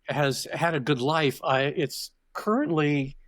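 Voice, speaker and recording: His voice is a little high and fairly bright, and he takes it slowly, with no room sound behind him. He's an older man guesting on a podcast, recounting stories conversationally in a reflective, digressive manner and often restarting his sentences.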